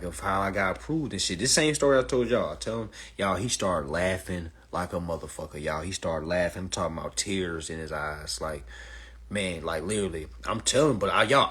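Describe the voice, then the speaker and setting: A man's voice: low-pitched, expressive, moderate pace, bright, forceful tone, slightly rough. A man telling a long profane story to an online audience, emphatic and repetitive, often saying "all right" and "y'all". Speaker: storyteller addressing a live audience.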